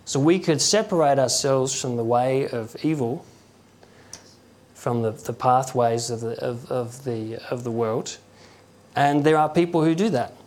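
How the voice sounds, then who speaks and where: A man giving an informal sermon in a halting, conversational way, often restarting his words and acting out quotes. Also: medium pitch, a little mellow. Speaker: preacher.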